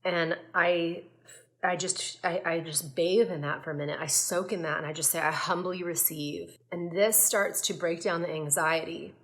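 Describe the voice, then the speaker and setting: A woman's voice: low-pitched, fairly bright tone. A woman gut health coach talking to camera in a casual, earnest, reflective way, with frequent fillers and restarts.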